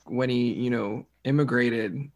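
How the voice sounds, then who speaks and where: Guy hosting a podcast, talks slow, kinda halting, repeats himself. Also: mid-range voice, creaky, darkish tone, muffled recording. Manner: halting, repeats words while thinking. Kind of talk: casual chat.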